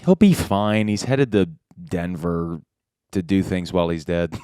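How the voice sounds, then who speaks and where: A man's voice: sits low, lively intonation, unhurried, dark tone, smooth, no echo, studio quality. A man hosting a comedy podcast in casual chat. He jokes, laughs often and swears. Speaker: podcast host.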